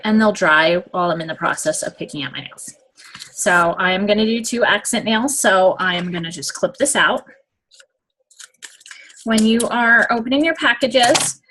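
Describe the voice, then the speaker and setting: A slightly high, fairly bright female voice comes through with a bit of background noise. She gives a chatty, step-by-step nail application walkthrough, regularly pausing to ask "okay?"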